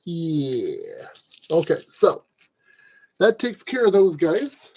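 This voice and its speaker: Rambling high-voiced man building a kit. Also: huge pitch swings, takes it slowly, a little mellow, highs cut off. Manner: rambling, talks to objects, self-deprecating. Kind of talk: rambling casual build vlog.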